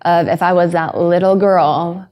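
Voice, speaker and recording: A woman's voice: on the low side, steady tone, a little slow, a little mellow. A woman hosting a podcast, talking earnestly and emotionally about her own story, with hesitant restarts. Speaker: podcast host. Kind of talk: candid podcast conversation.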